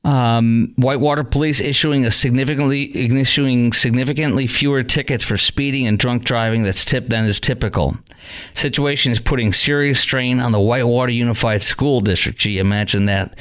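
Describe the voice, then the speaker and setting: A man's voice: mid-range voice, fairly even intonation, normal speed, fairly bright tone. Male talk radio host, indignant and rambling, mid-range voice, lots of ums. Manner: indignant, rambling, many fillers and restarts.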